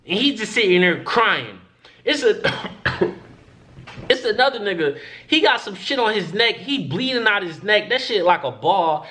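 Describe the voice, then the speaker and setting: Speaking at a normal pace in a high voice, a young man vlogs a story straight to camera. He's animated and swears freely, performing the quoted lines of the people involved.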